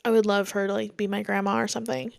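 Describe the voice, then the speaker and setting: A woman's voice: mid-range voice, level tone, fast, gravelly, no room sound. A young woman hosting her own podcast, chatting casually and candidly about reality TV, rambling with lots of "like" and "um". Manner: rambling, frequent "like" and "um", candid opinions. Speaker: podcast host.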